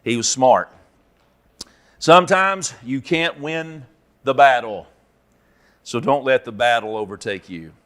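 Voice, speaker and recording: A man preaching a Bible teaching, telling stories and acting out characters with sudden loud outbursts. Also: mid-range voice, takes it slowly, long pauses. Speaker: pastor. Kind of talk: sermon teaching.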